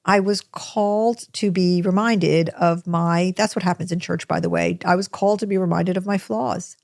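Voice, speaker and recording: A woman's voice: fairly low pitch, normal speed, creaky, no echo, clean studio sound. Chatty American woman telling a story. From United States. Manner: chatty, animated, self-deprecating. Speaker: host telling a personal story. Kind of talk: personal storytelling.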